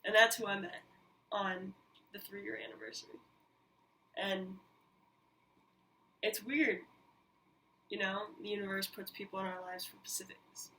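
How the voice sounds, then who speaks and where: Bright-voiced woman telling a story at a distance. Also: mid-range voice. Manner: animated, swears freely, quick asides and laughs. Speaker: podcast host. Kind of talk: candid personal storytelling. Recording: mic a little distant, faint hiss.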